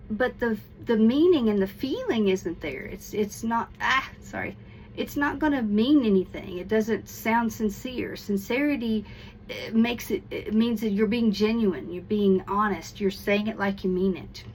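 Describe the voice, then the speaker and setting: A woman at a mid pitch gives a casual lesson to camera, friendly and unhurried. She often restarts and repeats her phrases. A faint hiss sits under her voice. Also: low-quality recording. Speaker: online teacher and channel host.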